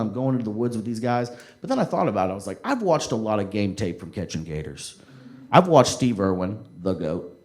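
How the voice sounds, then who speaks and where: A young man doing animated, profane stand-up storytelling into a handheld stage mic at a live comedy club, in a noisy recording. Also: medium pitch. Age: young adult.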